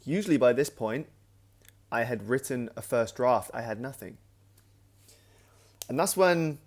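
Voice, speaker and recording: A man in the middle of a casual vlog story, talking at a middle pitch. He loops back on himself with restarts and filler words. He livens up whenever he acts out what he said at the time. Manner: animated anecdote, acting out his own past remarks; loose, with frequent restarts and "like". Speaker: creator and host of his own channel.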